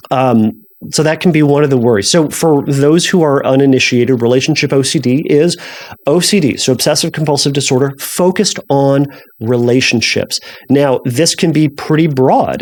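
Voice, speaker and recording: A man's voice: a little high, a little mellow. A man hosting a podcast solo, talking loosely and conversationally with many restarts, with self-deprecating humor. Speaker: podcast host. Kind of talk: casual solo podcast talk.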